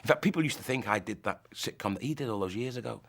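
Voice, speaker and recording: Give me a fast, low-voiced man making fun of himself in an interview. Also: animated, creaky, a bit bright. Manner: quick, self-mocking. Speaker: actor interviewee. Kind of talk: interview reminiscing.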